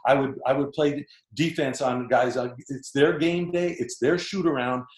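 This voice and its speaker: A man's voice: medium pitch, moderate pace. Man telling stories in a roomy space. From Canada. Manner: animated, acts out coaches' lines while telling stories. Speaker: guest, former basketball player. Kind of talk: casual storytelling. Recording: roomy echo.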